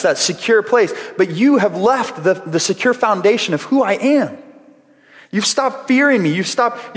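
A man's voice: sits high, long reverb tail. A man preaching a sermon with earnest, repeated phrases as he builds each point. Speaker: pastor.

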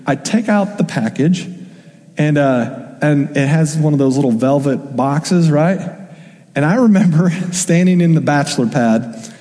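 A man's voice: fairly high pitch, lively intonation, measured pace, warm tone. A young man preaching a sermon in a loose, conversational way, with casual asides and asked questions. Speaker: pastor. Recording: long hall reverb.

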